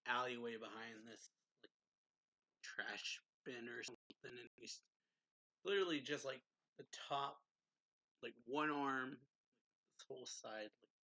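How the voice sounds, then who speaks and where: A man's voice: mid-range voice, bright, forceful tone, dry recording, poor audio. A young man casually recapping a manga chapter, rambling and leaning on filler words. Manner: rambling, heavy use of "like". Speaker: anime and manga reviewer.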